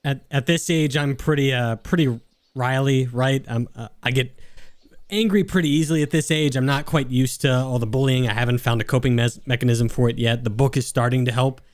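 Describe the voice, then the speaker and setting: A man playing his character in a tabletop game, talking in a halting, hesitant way. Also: mid-range voice, steady tone, dry recording. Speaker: player.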